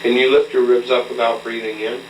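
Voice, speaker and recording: A male vocal coach speaks a little fast in a flat, mid-range voice while leading a beginner singer through a hands-on breathing lesson in a mirrored room. He stays patient and instructive, with a frequent "okay?". The recording is an old tape, roomy and distant, with a faint hum.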